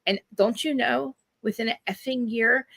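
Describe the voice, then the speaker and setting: A woman with a New Jersey accent, chatting as a podcaster guest on a video call, animated and laughing, swearing freely. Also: fairly high pitch, moderate pace, creaky. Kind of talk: casual chat.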